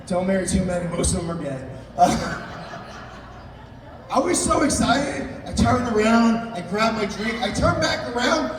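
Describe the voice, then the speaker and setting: Young male comic, high voice, live set, booming hall reverb. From Italian-American family. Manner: animated, voices jumps up high and shouts in quoted outbursts; crowd work, teasing audience members. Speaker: stand-up comedian. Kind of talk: stand-up comedy set. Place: live comedy venue with audience. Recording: echoey hall recorded from far off, audience noise.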